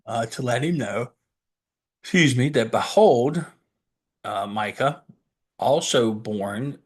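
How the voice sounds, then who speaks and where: Taking it slowly in a mid-range, slightly rough voice, an earnest pastor preaches by reading scripture aloud and breaking off to explain it. Along the way he asks questions and answers them himself.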